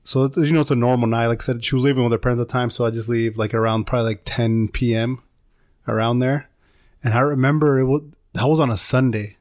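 A man's voice: mid-range voice, steady tone, quick pace, darkish tone, no room sound, clean studio sound. A man co-hosting a podcast, telling a story in a casual, rambling way and saying "dude" a lot.

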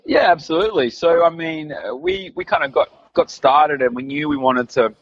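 A man's voice: on the high side, wildly swooping pitch, normal speed, vocal fry, breathy edge. An Australian man, around his thirties, chatting casually as an interview guest, rambling with lots of fillers and restarts. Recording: dull lo-fi recording.

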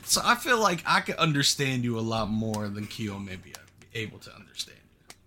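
Animated guy on a podcast, laughs a lot, voice jumps around. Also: fairly low pitch, moderate pace, slight background noise. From United States. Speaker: podcast co-host. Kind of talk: casual chat.

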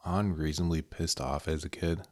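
A man's voice: extremely low pitch, steady tone, normal speed, dry recording, studio quality. A young man co-hosting a podcast, telling stories in casual chat and laughing often, with crude humor. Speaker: podcast co-host.

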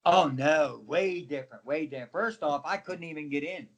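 A man's voice: fairly high pitch, normal speed, fairly bright tone. A middle-aged man, a former wrestler, telling stories in a casual interview and acting out other people's voices as he goes.

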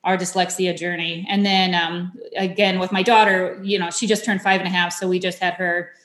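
A woman's voice: fairly low pitch, level tone, moderate pace, fairly bright tone, roomy sound. A woman, likely in her thirties, telling a personal story in a chatty way, full of "like" and "you know". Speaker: parent guest. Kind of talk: casual storytelling.

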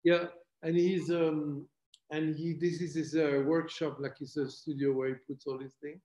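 A man with a French accent chatting casually on a video call, halting and searching for his words. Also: on the high side, flat delivery, darkish tone, highs cut off. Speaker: guest. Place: quiet artist's studio.

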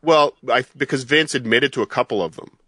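Male co-host, rambling and sarcastic, bright mid voice, dry mic. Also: mid-range voice, brisk, breathy edge, no room sound. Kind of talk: casual live-stream banter.

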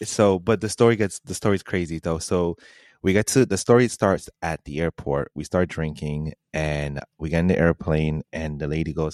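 Man, very low voice, dry sound, casual storytelling, relaxed, laughs a lot. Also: moderate pace, no echo. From New York City. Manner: laid-back, laughs often, quotes friends. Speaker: podcast co-host.

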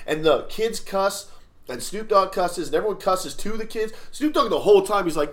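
A man's voice: high-pitched, animated, normal speed. A man hosting a casual podcast, rambling and swearing with lots of fillers and restarts. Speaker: podcast host. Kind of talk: casual chat.

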